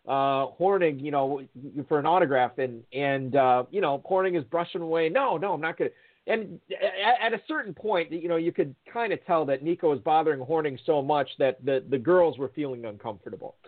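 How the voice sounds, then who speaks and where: A man's voice: fairly high pitch, moderate pace. A man telling a long, rambling anecdote with many fillers and restarts, acting out the people he quotes. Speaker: guest storyteller. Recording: phone-line audio.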